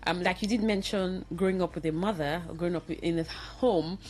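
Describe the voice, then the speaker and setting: Nigerian woman radio host, animated. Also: brisk, slight background noise. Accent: Nigerian English. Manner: animated, laughs often, rises high when acting out what people say. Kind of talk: casual radio talk show discussion. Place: radio studio.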